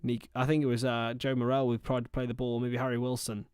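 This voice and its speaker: A young man calls football over a livestream in a casual watchalong style, flitting between player names and loose, chatty tangents. His voice sits at an ordinary middle pitch. The sound is close and dry, with no room around it. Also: flat delivery, fast talker, darkish tone, smooth, dry recording. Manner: chatty, rambling asides between play-by-play. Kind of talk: casual watchalong match commentary.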